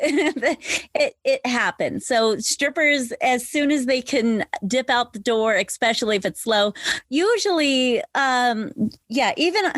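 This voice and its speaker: A woman's voice: on the high side, fairly bright tone, dry recording, studio quality. A woman guest on a podcast chatting frankly and laughing often, joining over a video call. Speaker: podcast guest, former dancer. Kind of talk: casual interview chat.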